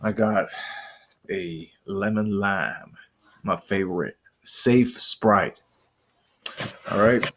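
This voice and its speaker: A man's voice: low voice, extremely slow, long pauses, fairly bright tone. A young man from the US in a casual home vlog, chatting and rambling to viewers from his bedroom. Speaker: vlogger.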